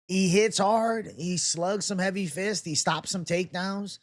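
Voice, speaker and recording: A man's voice: high-pitched, steady tone. A young man casually breaking down fight predictions and betting odds on his own show, joking and swearing as he goes. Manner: casual, fast-talking, swears and jokes. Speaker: MMA betting analyst.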